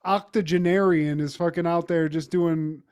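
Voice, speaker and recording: A man co-hosting a podcast, recapping a TV episode in casual chat with animated, profane storytelling and frequent laughter. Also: on the high side, moderate pace, smooth. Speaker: podcast co-host.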